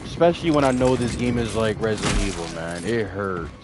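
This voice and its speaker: A man's voice: fairly low pitch, a little fast, very noisy. A man streaming a horror game, chatting casually in slang while reacting to the game and to his viewers. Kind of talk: casual live gaming commentary.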